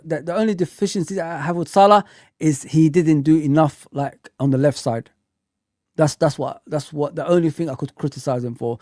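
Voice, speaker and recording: A man hosts a football live stream, his voice sitting a little high and the sound dry and close. He talks in an animated way, repeats himself, and speaks straight to his viewers. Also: no echo.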